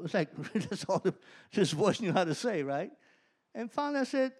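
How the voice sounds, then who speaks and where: Guy telling his testimony, high voice, really lively, laughs as he goes. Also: a little fast. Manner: animated, grows excited, often laughs mid-sentence. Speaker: speaker giving a personal testimony. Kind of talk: storytelling testimony to an audience.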